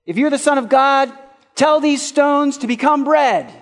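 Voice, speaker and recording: A man's voice: extremely high pitch, a little slow, fairly bright tone, big-room sound, voice pushed up. A man voicing the devil as a sly, coaxing male tempter in a sermon retelling.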